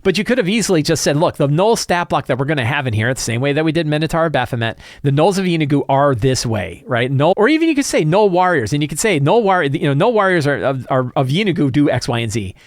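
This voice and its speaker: Guy ranting about rpg stuff on his show, voice jumping all over, kinda high, dead dry mic. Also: fast talker, hardly any pauses, dry recording. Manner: animated, opinionated, restarts often. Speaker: show host. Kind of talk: solo RPG commentary.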